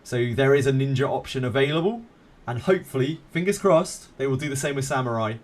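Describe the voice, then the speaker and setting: A man's voice: mid-range voice, animated, fast talker. A man streaming a game live, chatting casually with viewers in a laid-back, self-mocking way and swearing freely.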